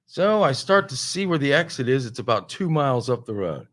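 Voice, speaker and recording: A man telling a casual, animated comic story on a talk show, full of exasperation. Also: medium pitch, a little fast.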